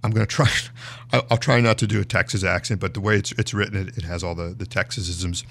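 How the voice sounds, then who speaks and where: A man's voice: lowish voice, steady tone, quick pace, creaky, fairly bright tone. A man hosting a news show, reading stories aloud in a casual, conversational way with frequent fillers and restarts.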